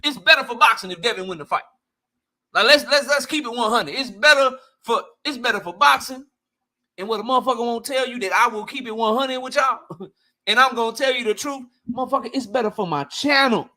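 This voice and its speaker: A male boxing channel host giving blunt, profane, slang-heavy commentary and answering his live chat in a casual, animated way. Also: extremely high pitch, a little fast.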